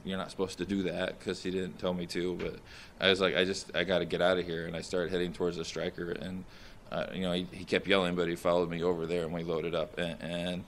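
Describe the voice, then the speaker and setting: A young man, a soldier in therapy, recounting combat in a halting, distressed way with many restarts and fillers; he sounds shaken and nauseous. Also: low-pitched, monotone, fairly bright tone, a little hiss or hum.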